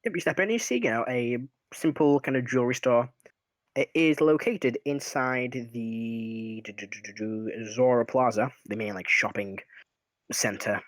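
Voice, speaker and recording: A man running a tabletop game as game master, narrating in a relaxed, rambling way and humming while he thinks. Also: medium pitch, a little slow, dry recording.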